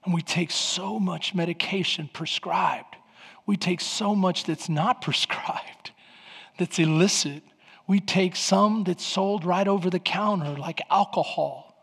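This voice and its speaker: A man's voice: sits high, measured pace, gravelly, a bit bright, husky, long reverb tail. A man in his forties preaching a sermon as pastor, calling out to the congregation with rising fervor. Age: 40s.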